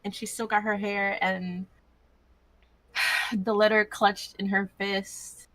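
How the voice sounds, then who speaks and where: A woman's voice: medium pitch, little pitch movement, takes it slowly, pushed and bright, no echo, poor audio. A woman in a tabletop game describes her character's actions step by step. Her delivery is casual and conversational, with a mid-range voice. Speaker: player. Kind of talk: tabletop role-play narration.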